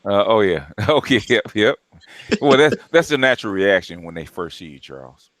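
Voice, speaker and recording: A man's voice: on the low side, expressive, normal speed, a bit bright, no echo. A man in casual chat who teases and laughs often. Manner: laughs often, teasing interjections.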